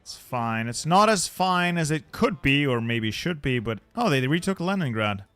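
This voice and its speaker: A man hosting a strategy-game video, talking casually, clearing his throat often, and muttering and repeating himself in a self-deprecating way. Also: on the high side, sing-song, moderate pace, a bit bright, no room sound. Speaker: gaming video host.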